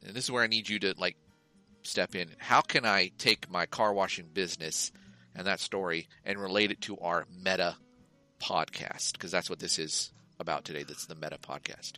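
A man's voice: deep voice, moderate pace, sharp tone, faint music behind. A man co-hosting a podcast in casual chat, teasing his friend and laughing often. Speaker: podcast co-host.

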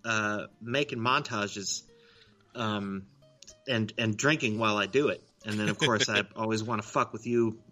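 Podcast cohost guy, really bright sharp voice, rambles and cusses, makes fun of himself. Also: lowish voice, a little slow, soft background music. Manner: rambling, self-deprecating, swears freely. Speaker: podcast co-host. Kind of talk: casual chat.

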